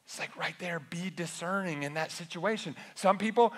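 A man's voice: high voice, moderate pace, fairly bright tone, slightly rough. A man preaching a sermon as pastor, conversational, often asking the congregation rhetorical questions. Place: church sanctuary. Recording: long echo of a church hall.

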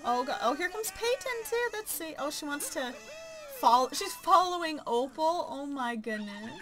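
A woman giving casual, chatty commentary while playing a life-simulation game, gushing and excitable. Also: sits high, normal speed, background noise. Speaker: let's play commentator.

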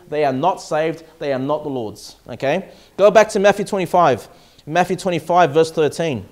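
Male pastor with a high voice, delivering an emphatic sermon. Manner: emphatic, checks in with "okay?" and "all right?".

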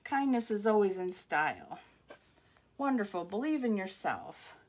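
A woman's voice: mid-range voice, sing-song, measured pace. A middle-aged woman casually walking viewers through craft products, gushing and exclaiming as she goes. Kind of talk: casual live product walkthrough.

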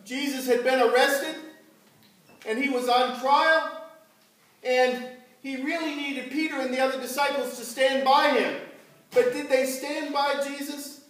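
Slow-talking pastor in a roomy church. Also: male voice, very high-pitched, fairly even intonation, fairly bright tone. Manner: slow, unhurried storytelling with questions to the congregation. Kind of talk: sermon. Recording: echoey church from far off.

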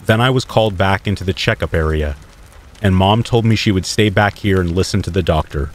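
A man reading a scripted first-person horror story in a steady, measured way. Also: sits low.

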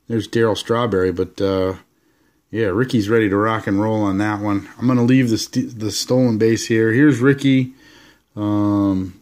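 Laid-back man chatting over his cards. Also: fairly low pitch. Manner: relaxed, rambling, enthusiastic asides. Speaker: card collector showing his collection. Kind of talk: casual card-showing vlog.

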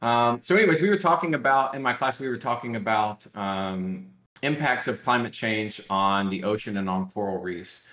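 A lower-pitched man from Alabama talks casually as a podcast guest. He rambles and jokes, with many fillers and restarts, and the room gives his voice a noticeable echo. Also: normal speed, pushed and bright. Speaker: guest educator.

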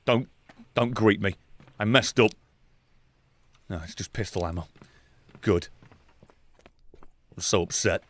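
A young man playing a video game and commenting as he goes, sarcastic and swearing, dropping to mutters and then shouting. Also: lowish voice, takes it slowly, long pauses. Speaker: gaming streamer.

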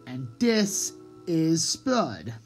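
A woman reading the part of a big male rat gang leader who speaks quietly and menacingly, with music playing behind. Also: low voice, big pitch swings, drawn-out words, full character voice, poor audio. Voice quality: snarling, hissing. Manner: quiet and threatening.

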